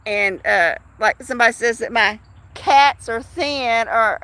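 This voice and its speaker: A woman's voice: fairly high pitch, unhurried, fairly bright tone, dry recording. A woman in her fifties, chatting casually to viewers of her live stream in a rambling, talkative way. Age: 50s. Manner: rambling, chatty, with frequent restarts and laughs.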